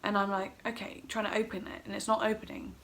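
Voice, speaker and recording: A woman's voice: medium pitch, flat delivery, fast, vocal fry, fairly bright tone, slight background noise. A middle-aged woman at home, telling a personal story in a casual, emotional, rambling way and acting out her own quotes. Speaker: vlogger.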